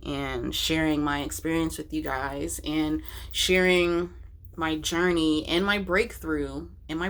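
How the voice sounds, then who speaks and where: Slow, low-voiced woman confiding on camera. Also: a bit bright. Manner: emotional, halting, many restarts. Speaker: vlogger. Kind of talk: candid personal vlog.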